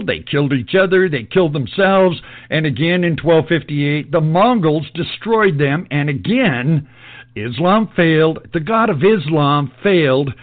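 A man giving an emphatic, lecturing commentary in a scripted style. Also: on the high side. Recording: tinny phone-like lo-fi audio.

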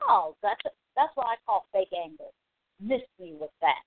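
A woman's voice: medium pitch, normal speed, slight background noise. Blunt woman on a tinny line. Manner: animated, blunt, swears freely. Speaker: call-in show host. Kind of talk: casual opinionated commentary. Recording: tinny phone-line audio.

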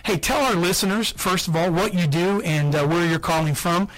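A man's voice: high voice, normal speed, a bit bright, poor audio. A man hosting a sales podcast, giving earnest motivational talk and repeating his key points for emphasis. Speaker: podcast host.

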